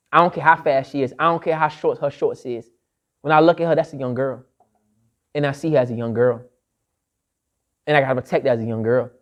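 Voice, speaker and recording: A man's voice: a little high, lo-fi sound. A man lecturing to a live audience, emphatic and repeating his key phrases like a refrain. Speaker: speaker addressing an audience.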